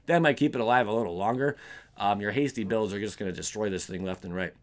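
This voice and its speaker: A man's voice: fairly low pitch, fast talker. Rambling young man reviewing cards. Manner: rambling, self-correcting, stumbles over words. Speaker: card game video host. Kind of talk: casual card review.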